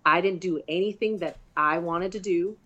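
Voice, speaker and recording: A woman with a slightly low voice talks as a guest in a relaxed interview. She tells stories in a chatty, animated way and swears freely. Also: moderate pace, lo-fi sound. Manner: chatty, profane, animated storytelling. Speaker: guest, grappler and fighter. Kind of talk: casual interview chat.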